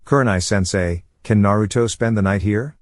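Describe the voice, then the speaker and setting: A man voicing a shy, gentle teenage ninja girl in a fan-fiction reading, soft and hesitant with stammers. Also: lowish voice, normal speed, dry recording, clean studio sound, natural voice. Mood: soft, pleading.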